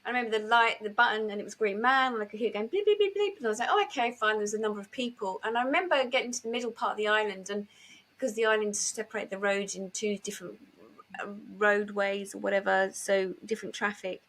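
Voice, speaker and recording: A woman's voice: mid-range voice, flat delivery, fast talker, a bit bright. A woman, a guest on an interview podcast, telling a personal story vividly, acting out remembered dialogue with many fillers and restarts.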